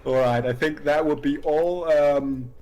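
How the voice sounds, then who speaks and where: Halting man signing off a stream. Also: fairly high pitch, fairly even intonation, dark tone, muffled recording. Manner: halting, many fillers and restarts. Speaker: co-host of a live-play stream. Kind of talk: casual sign-off chat.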